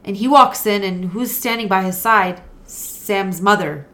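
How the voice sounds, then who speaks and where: A woman with a mid-range, fairly bright voice speaks unhurriedly as a podcast co-host. She casually recaps a TV episode and acts out the characters' lines.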